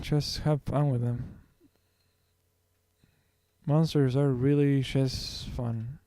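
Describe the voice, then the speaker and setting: A man's voice: medium pitch, fairly even intonation, extremely slow, pauses often, dark tone, no room sound, clean studio sound. A man streaming his drawing, talking casually to himself and his viewers in a rambling, self-correcting way. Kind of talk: casual thinking-aloud while drawing.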